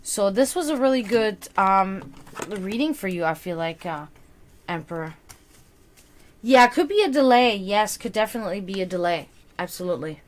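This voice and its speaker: A woman's voice: mid-range voice, expressive, normal speed. A woman giving a live-streamed tarot reading to a viewer, reassuring and tired, with many fillers and repeated words. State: tired, yawning. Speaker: tarot reader.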